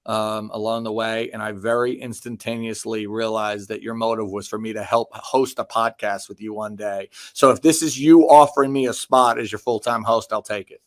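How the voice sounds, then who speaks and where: A man from New York, a high school basketball coach, teasing the host with dry humor over a video call from his basement. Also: steady tone, moderate pace, few pauses, dry recording. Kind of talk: casual interview chat. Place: home basement.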